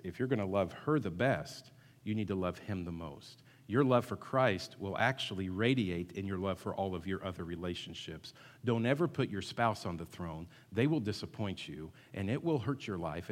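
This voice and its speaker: A man preaching a sermon as pastor, emphatic and repetitive, at times rising to call-and-response with the congregation. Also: lowish voice. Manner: emphatic, builds to loud call-and-response, repeats words. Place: church sanctuary. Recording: long hall reverb.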